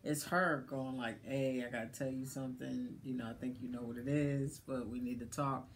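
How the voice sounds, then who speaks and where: A man's voice: medium pitch, little pitch movement, normal speed, gravelly, slight background noise. A man, a guest on a podcast, telling a personal story in casual chat.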